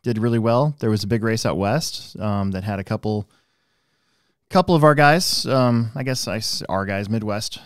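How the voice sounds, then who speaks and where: Low-voiced man hosting a casual podcast. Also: moderate pace, clear, resonant tone, dry recording. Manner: rambling, with many fillers and restarts. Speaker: podcast host, hobby shop manager and race director.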